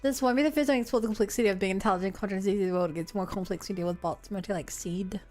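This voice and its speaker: A woman's voice: medium pitch, rapid-fire, darkish tone. A young woman streaming a game, chatting casually and rambling as she reacts to chat. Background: game music.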